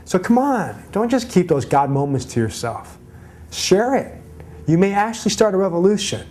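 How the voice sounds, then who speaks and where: A man's voice: high voice, very animated, normal speed, darkish tone. A man, a pastor, telling a personal story in a conversational, encouraging church message.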